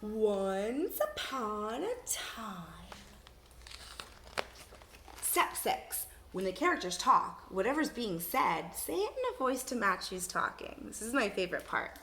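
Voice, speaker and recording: A young woman teacher reading a picture book aloud to children, in an animated, playful way. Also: medium pitch, normal speed, hardly any pauses, echoey room, slight background noise.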